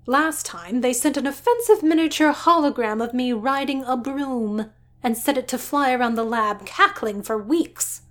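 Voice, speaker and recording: A woman's voice: sits high, normal speed, natural voice. Prim, irritable storybook scientist, a woman narrator putting her on. Clipped, indignant delivery, slightly raised.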